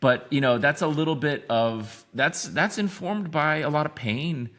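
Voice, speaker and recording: A man's voice: a little high, normal speed, fairly bright tone. A man in his fifties, a podcast guest, talking reflectively in a rambling way with many restarts. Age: 50s. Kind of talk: casual interview talk.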